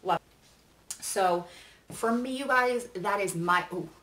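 A woman's voice: mid-range voice, takes it slowly, a bit bright, recorded from a distance, slight background noise. Chatty woman in her forties, roomy sound. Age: 40s. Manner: chatty, candid, rambling with fillers. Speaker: vlog host. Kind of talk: casual try-on vlog. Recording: roomy echo.

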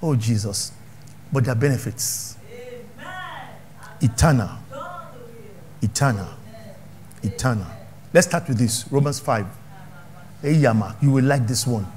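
A Nigerian man preaching a sermon as pastor, swinging from hushed asides to shouted questions and laughing often. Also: mid-range voice, normal speed.

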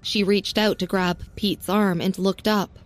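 A woman reading a serialized story as narrator, with a steady, even storytelling manner. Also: mid-range voice, measured pace. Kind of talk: scripted audiobook narration. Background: faint music.

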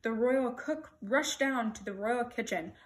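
A woman brings a children's picture book to life with animated, expressive narration. She speaks on the high side and a little slowly.

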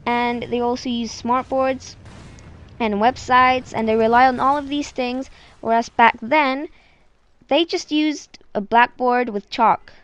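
A woman chatting through a casual vlog and sharing her opinions. Her voice sits a little high, and she keeps dropping "like" into her sentences. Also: fairly even intonation, unhurried, muffled recording. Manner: chatty, many "like" fillers. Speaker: vlogger.

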